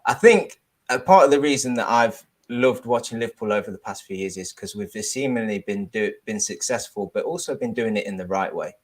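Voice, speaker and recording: A man's voice: on the low side, animated, a little fast. A man on a casual discussion panel who talks thoughtfully and reaches for folksy sayings. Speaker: panel guest.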